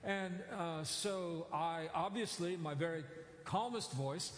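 A man's voice: on the high side, unhurried, a little hiss or hum. A male pastor giving a sermon in a church, talking in a conversational way with many fillers and self-corrections. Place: church sanctuary. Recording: echoey church hall.

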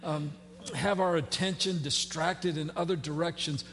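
A man's voice: a little high, steady tone, a little slow, fairly bright tone, long reverb tail. A man preaching a sermon as pastor, conversational and folksy, with fillers and playful asides. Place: church sanctuary.

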